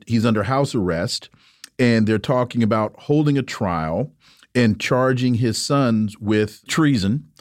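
A man co-hosting a talk show, his voice of middle pitch. He lays out a question step by step at a measured pace. The sound is dry and close. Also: darkish tone, dry recording. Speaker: radio show co-host. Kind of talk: interview questions.

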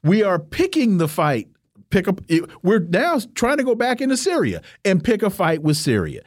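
A man's voice: wildly swooping pitch, normal speed, no room sound, clean studio sound. A man co-hosting a political talk radio show, arguing emphatically with rhetorical questions. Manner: emphatic, rhetorical questions, rising pitch when pressing points.

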